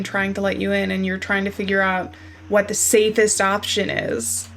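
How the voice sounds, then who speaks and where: A woman's voice: mid-range voice, level tone, moderate pace, creaky, slight background noise. A woman playing a narrative game, chatting casually and reading the game text aloud in a thoughtful way. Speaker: let's play gamer.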